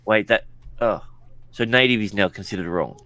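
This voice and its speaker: A man co-hosting a podcast in casual chat, asking quick questions and tossing in short remarks. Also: fairly low pitch, bright, forceful tone.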